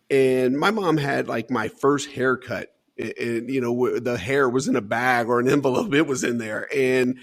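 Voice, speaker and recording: Laughing a lot and voicing other people's lines, this lively Dayton, Ohio guest, a CEO in his forties, spins a story on an interview show. He speaks at medium pitch with vocal fry.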